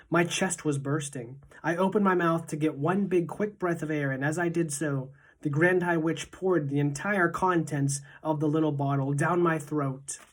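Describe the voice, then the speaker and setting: A woman teacher reading a children's novel aloud in a measured, expressive way. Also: low voice.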